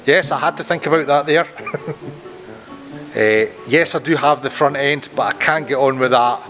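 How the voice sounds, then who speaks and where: Indoors on a boat still being built, a boat-building vlogger records casual to-camera outtakes, fluffing his lines, stumbling, poking fun at himself, and swearing at his mistakes. His voice is medium-pitched and fairly bright, at a moderate pace, with soft music playing in the background.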